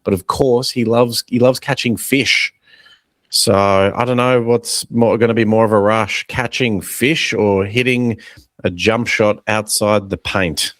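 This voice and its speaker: An Australian man chats casually as co-host of a comedy sports podcast, rambling along with fillers and restarts. His voice sits low, and it is recorded close and dry with no room sound. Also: fairly even intonation, a little slow, fairly bright tone, no echo.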